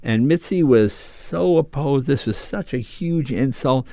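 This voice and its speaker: With no echo in the sound, an older man who's a comedian guest talks at a measured pace in a medium-pitched voice. His casual storytelling is animated, and he performs the voices of the characters in his anecdotes.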